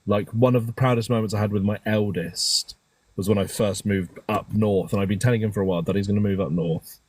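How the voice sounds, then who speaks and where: Husky, low-voiced man. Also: steady tone, fairly quick, darkish tone, no echo. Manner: open, emotional, swears casually, rambling with restarts. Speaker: guest caller on a live stream. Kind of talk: casual personal storytelling.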